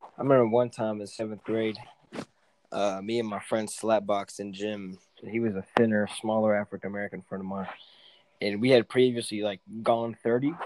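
A young man with a fairly low voice, chatting casually. He tells his stories in a laid-back, slang-heavy way and swears often. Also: a little mellow, rough recording. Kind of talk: casual chat.

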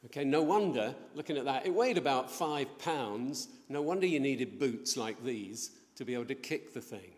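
A middle-aged man preaches from the front of a church, with his voice trailing off into a long reverb. He tells the story with plenty of energy and acts out the voices of the people in it. His pitch sits in an ordinary middle range. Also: expressive, moderate pace, hardly any pauses. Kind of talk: sermon. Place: church building.

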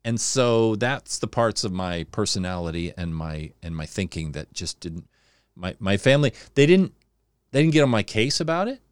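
A man's voice: fairly low pitch, big pitch swings, normal speed, clear, resonant tone, no room sound, clean studio sound. A man in his fifties from Southern California with a Californian accent and a slight Southern twang, telling stories in casual conversation and rambling with restarts. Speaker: podcast guest.

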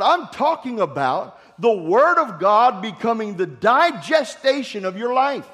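Guy pastor preaching, high voice, asks the crowd to say amen, jokes about his kids, echoey church hall. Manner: call-and-response preaching with humorous family stories. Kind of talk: sermon. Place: church sanctuary. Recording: long hall reverb.

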